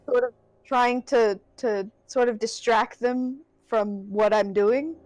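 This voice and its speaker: A woman's voice: fairly high pitch, fairly even intonation, slow, darkish tone, no echo, poor audio. A woman playing in a tabletop game, brash and playful, swearing freely. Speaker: player.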